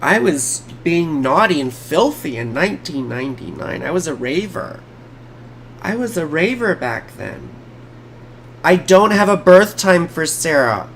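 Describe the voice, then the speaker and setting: A woman's voice: deep voice, big pitch swings, a little slow, a little hiss or hum. A woman in her forties, an astrologer giving chatty, playful live chart readings on a stream.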